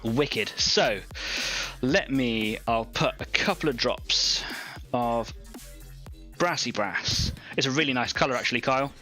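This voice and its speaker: Co-host, man from Devon, West Country accent, bright forceful voice, rambling casual chat, faint music under it. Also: mid-range voice, a little slow. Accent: West Country English. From Devon, England. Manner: chatty, rambling, laughs often, thinks aloud. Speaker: painting club co-host. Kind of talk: casual livestream chat while painting miniatures.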